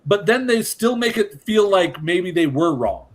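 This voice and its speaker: A man hosts a casual podcast chat in a measured, hedging way, sprinkling in "like" as he builds his argument. His voice is somewhat high for a man. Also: expressive. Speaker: podcast host.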